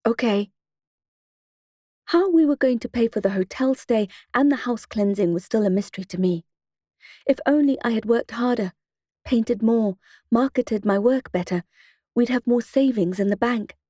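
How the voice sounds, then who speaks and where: Mellow woman narrating an audiobook. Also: a little high, moderate pace, no room sound, studio quality. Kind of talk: first-person audiobook narration.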